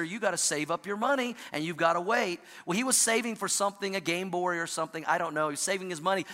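A man's voice: high-pitched, sharp tone. A middle-aged man preaching a sermon, telling a family story with playful asides. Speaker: pastor. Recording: reverberant hall.

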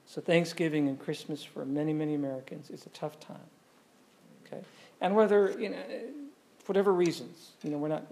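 Gravelly man preaching to a congregation. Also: on the high side, warm tone. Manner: conversational, asks the audience questions. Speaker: pastor. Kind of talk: sermon.

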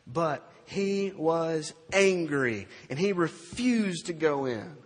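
A male preacher giving a sermon, telling a story in an animated way and slowing down for emphasis. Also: fairly high pitch, in a large hall.

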